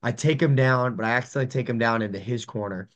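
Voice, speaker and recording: A man's voice: medium pitch, fast talker. A man, an MMA fighter co-hosting a podcast, telling fight stories in casual chat and acting out the quotes with laughter. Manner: animated, laughing storyteller, acts out quotes.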